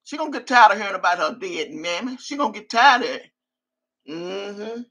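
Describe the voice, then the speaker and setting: Give me an older woman with a sharp, forceful voice, cursing through a live-stream rant. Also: medium pitch, animated, fairly quick. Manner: trash-talking, cursing, reads out viewer names.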